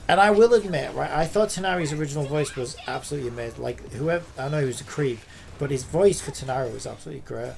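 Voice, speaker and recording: A man's voice: on the high side, fast, creaky, hardly any pauses. A man streaming a game, chatting casually and rambling with lots of filler words. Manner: rambling, lots of "like" and "you know". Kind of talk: casual commentary while gaming.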